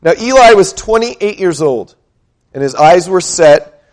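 A man's voice: sits high, animated, measured pace, a little mellow. A male pastor preaching a sermon, retelling scripture with conversational, dramatic storytelling and questions for the congregation.

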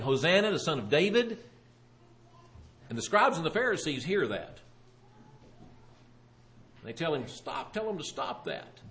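A man preaching a sermon, retelling a Bible story with animated storytelling and voicing the questioners. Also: on the high side.

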